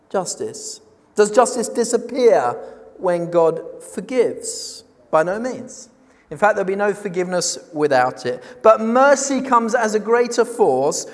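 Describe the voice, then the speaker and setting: A man preaching a sermon, emphatic, posing rhetorical questions and slowing down on key words. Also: high voice. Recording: long reverb of a large hall.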